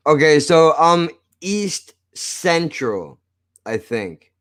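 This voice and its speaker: Speaking very slowly in a fairly high, bright, and very animated voice, a South Jersey man chats loosely on a live stream. He swears freely and talks to his chat in his South Jersey accent.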